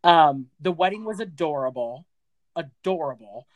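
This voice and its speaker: A host in casual interview chat who is expressive, gushes and laughs often. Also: medium pitch, normal speed, no echo.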